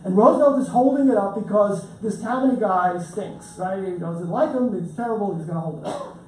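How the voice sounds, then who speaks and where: A man's voice: high voice, brisk, a little mellow. A man giving an informal talk about his book, chatty and joking, with frequent restarts. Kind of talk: informal lecture with storytelling. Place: lecture room with audience. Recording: roomy, distant mic with faint ambience.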